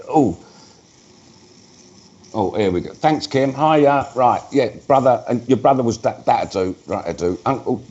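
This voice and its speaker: A man's voice: mid-range voice, a little mellow, muffled recording. A man, working as a spiritualist medium at a live church service, talking in a chatty way and breaking off mid-sentence to address spirits. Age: 50s.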